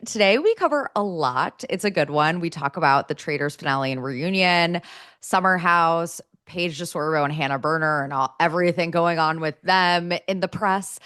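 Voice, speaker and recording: Woman podcast co-host, very expressive pitch, playful gushing chat, dry sound. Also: clear, resonant tone, dry recording. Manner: upbeat, laughs often, playful exaggerated gushing. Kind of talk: casual chat.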